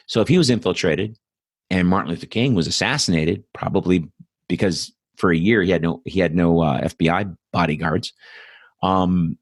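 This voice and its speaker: A man with a deep voice hosts a political commentary show, delivering a blunt, profane, rambling monologue packed with asides. He speaks at a moderate pace, and the studio recording is clean with no room sound.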